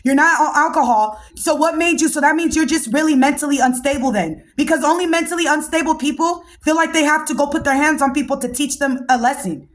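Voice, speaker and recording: A woman in her thirties recapping a reality show on her podcast, blunt and animated, with plenty of slang. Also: high voice, a little fast, hardly any pauses. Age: 30s. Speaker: podcast host.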